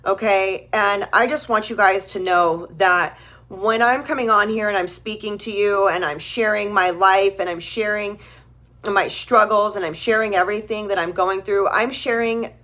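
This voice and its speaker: A woman's voice: medium pitch, steady tone, normal speed, bright, forceful tone. A woman in her thirties on a live stream, talking earnestly and emotionally to her followers and repeating phrases for emphasis. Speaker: vlogger.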